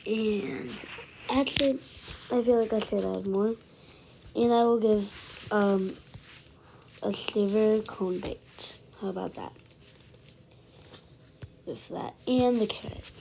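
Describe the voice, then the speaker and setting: Gaming host, woman, unhurried and rambling, hissy home mic. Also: vocal fry. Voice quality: high, pitchy voice. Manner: rambling, chatty, drops into soft asides. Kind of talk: casual gameplay commentary. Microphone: own desk microphone. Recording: noisy home recording with hiss and clicks.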